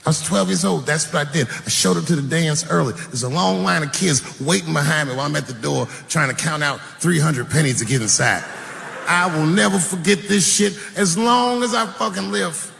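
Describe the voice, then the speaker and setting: Male stand-up, gravelly, lively pitch swings, long hall echo. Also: a little fast, a little hiss or hum. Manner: swooping, gravelly storytelling. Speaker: stand-up comedian. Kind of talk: stand-up comedy. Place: live stage show.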